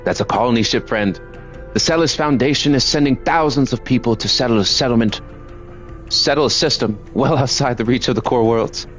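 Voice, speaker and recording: A man's voice: medium pitch, brisk, soft background music, lightly acted. A man voicing a thin, ragged young father who is eager and hopeful, in a made-up accent while reading game dialogue aloud.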